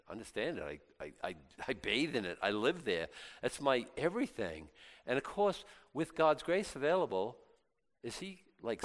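A male pastor delivering a loose, conversational sermon full of jokes. He jumps from loud, animated bursts to quiet, hushed asides, and keeps stumbling into quick stammered restarts. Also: medium pitch. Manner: animated, joking, swings between loud and hushed.

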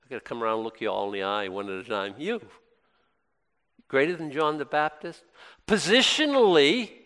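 A man preaching a conversational sermon, asking his listeners questions and breaking into excited bursts. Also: lowish voice, fairly quick, clear, resonant tone. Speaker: pastor. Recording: long hall reverb.

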